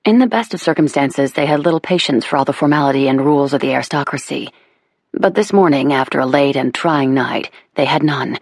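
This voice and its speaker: A woman narrating a historical romance audiobook with measured, even storytelling into a close studio mic. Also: a bass voice, breathy edge, no room sound. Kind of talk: scripted narration of a romance novel.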